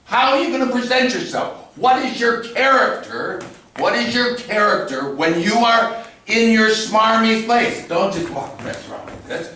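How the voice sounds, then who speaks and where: Guy directing a play rehearsal, blunt and swears, sharp bright voice, far off in a big echoey room. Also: sits high, expressive, measured pace, slight background noise. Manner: blunt, swearing, swings from quiet to loud pushing. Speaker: theatre director. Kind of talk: rehearsal coaching. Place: studio theatre rehearsal room.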